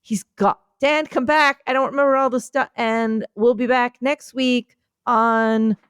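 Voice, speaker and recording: A woman's voice: on the high side, steady tone, measured pace, smooth, dry recording, clean studio sound. A woman co-hosting a comedy podcast, chatting in a rambling, playful, scattered way. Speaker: podcast co-host. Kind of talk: casual comedic chat.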